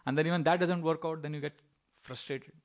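This sermon comes from a middle-aged man whose brisk voice sits on the high side with fairly even intonation. Preaching in a chatty, storytelling style, he frequently imitates the characters he describes, filling his talk with fillers and small chuckles.

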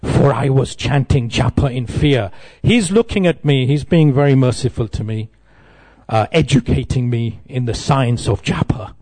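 A man's voice: mid-range voice, moderate pace, dark tone. A middle-aged man giving a devotional class, telling humorous, self-deprecating stories. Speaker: temple speaker.

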